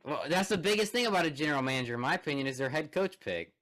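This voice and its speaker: A man's voice: on the high side, animated, rapid-fire, a bit bright. A young man co-hosting a sports podcast in casual chat, running the segments and laughing along. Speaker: podcast co-host.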